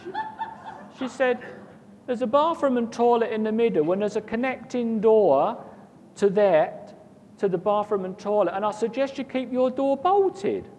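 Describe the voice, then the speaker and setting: A man's voice: expressive, normal speed, a little mellow. A man telling a personal story in a casual, rambling way, often repeating words and chuckling. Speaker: guest recounting an experience. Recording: long reverb, faint rumble.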